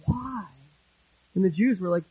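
A male pastor with a high, husky voice delivers an earnest sermon, hammering home repeated phrases and dropping from loud to hushed. The sound is dry and a bit muffled, with little room around it. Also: a little slow, dry recording.

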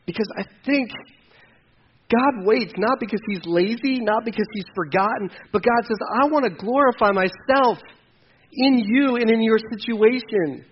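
High-voiced man preaching with passion. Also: moderate pace, highs cut off, slight background noise. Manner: impassioned, acts out voices from the scripture. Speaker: pastor. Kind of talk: sermon.

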